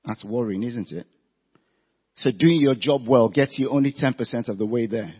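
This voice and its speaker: A man's voice: mid-range voice, normal speed, breathy edge. A man giving an evening seminar talk with slides, firing rhetorical questions at his audience and stressing his points. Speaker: career talk speaker. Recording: echoey hall, dull lo-fi sound.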